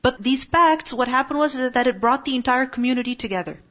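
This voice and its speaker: A woman in her thirties teaching an Islamic class in a calm, conversational way, often checking in with her listeners. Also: sits high, brisk. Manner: calm, conversational, many tag questions. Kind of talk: religious class talk. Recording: dull lo-fi recording.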